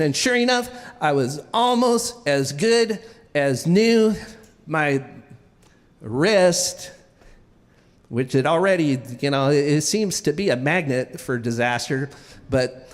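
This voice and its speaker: A man's voice: on the high side, animated, a little slow, big-room sound. A man telling a comic, self-deprecating story live on stage, stammering and restarting as he goes.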